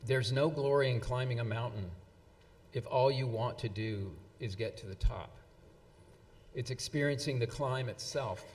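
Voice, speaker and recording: Speaking at a normal speed with a medium-pitched, slightly mellow voice, a man presenting at an anniversary event reads out quotes, frequently restarting and using fillers. A long reverb from the hall surrounds his voice.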